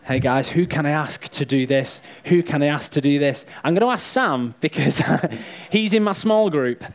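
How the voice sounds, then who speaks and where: A man giving a sermon in a loose, joking manner, with a voice that sits a little high for a man. He talks straight to the crowd and keeps things light and friendly. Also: normal speed. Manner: chatty, joking, addresses the crowd directly. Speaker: preacher. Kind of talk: sermon with live props and volunteers.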